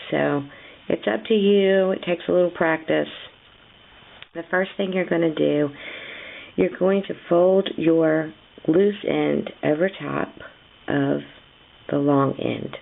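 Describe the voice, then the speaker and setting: A woman walks through a crochet lesson at an easy, patient pace, chatting as she counts her stitches aloud. Her voice is heavily gravelly and fried, worn hoarse by a cold. The sound is thin and tinny, like it came over a phone. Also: low voice. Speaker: crochet teacher. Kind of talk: step-by-step craft tutorial.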